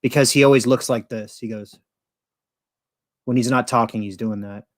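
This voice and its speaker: A man's voice: medium pitch, fairly even intonation, moderate pace, dry recording. A middle-aged man hosting a casual live stream, rambling and jokey with crude language. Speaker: host.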